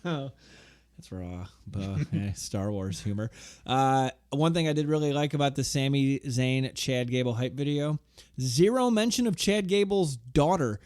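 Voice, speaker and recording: A man's voice: mid-range voice, expressive, a little slow, a little mellow, no room sound, studio quality. A man co-hosting a podcast in casual chat, wry and joking, easily agreeing. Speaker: podcast co-host.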